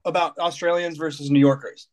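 A young man with a notably high voice co-hosts a casual podcast. He is easygoing and jokey, and he often laughs at his own lines. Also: fairly even intonation, fairly quick, a little mellow. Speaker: podcast co-host. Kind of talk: casual chat.

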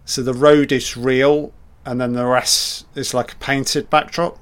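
Slow-talking man doing film commentary. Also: mid-range voice, little pitch movement, clean tone. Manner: short admiring remarks, frequent swearing.

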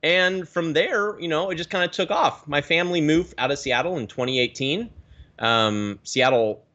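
A man in his thirties from the Pacific Northwest, a guest telling his story in a casual interview with lively swings of pitch. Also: normal speed, dull audio. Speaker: guest, reef aquarium YouTuber.

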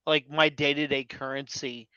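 Blunt, animated co-host. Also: mid-range voice, normal speed, smooth, dry recording. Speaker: podcast co-host. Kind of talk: casual live audio chat. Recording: dry, dull lo-fi online audio.

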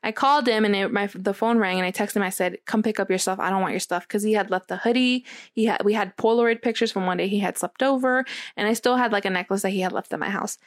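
A young woman casually telling a long personal story, acting out what was said with lively quoting. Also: medium pitch, fast, few pauses, no room sound, studio quality. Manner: animated storytelling, acts out quotes. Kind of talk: casual chat.

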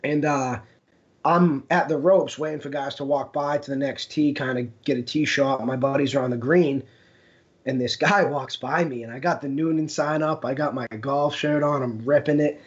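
On a podcast with dull, lo-fi sound, a young co-host chats casually and spins stories with laughter in his voice. He speaks at a moderate pace in a mid-range voice with fairly even intonation.

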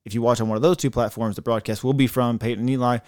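A man's voice: mid-range voice, fairly even intonation, very fast, a little mellow, clear, resonant tone, dry recording, clean studio sound. A man co-hosting a sports podcast in casual, profane and opinionated chat.

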